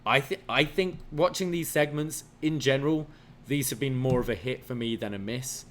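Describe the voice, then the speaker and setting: A man's voice: medium pitch, moderate pace, a bit bright. Man giving thoughtful podcast commentary. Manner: thoughtful, explains his views at length. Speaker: podcast co-host. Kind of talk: casual chat.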